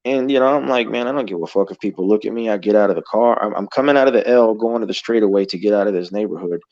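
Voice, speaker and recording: A man with a low, gravelly voice spins a long first-person story, loose and rambling, swearing often and leaning on fillers. The recording sounds dull and lo-fi. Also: fast, a little mellow. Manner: rambling and profane, heavy on "you know" fillers. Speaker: guest telling an encounter story. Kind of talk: casual spoken storytelling.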